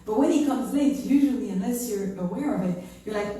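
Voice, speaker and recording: A woman with a French accent who teaches Torah and tells stories in an animated, inspirational talk. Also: on the high side, a little fast, few pauses. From France. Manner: animated storytelling. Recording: echoey room, voice from far off.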